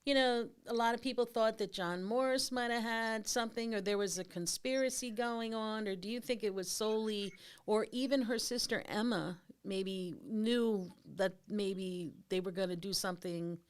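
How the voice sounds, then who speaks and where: A woman co-hosting a podcast, asking rambling, animated questions in casual talk. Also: medium pitch, moderate pace, clean tone. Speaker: podcast co-host. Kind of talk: casual conversation.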